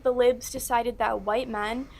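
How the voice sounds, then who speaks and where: A woman speaks high in her range as she delivers a pointed commentary video. Her manner is brisk, assertive and dismissive. There is faint background noise behind her voice. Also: fairly even intonation, gravelly.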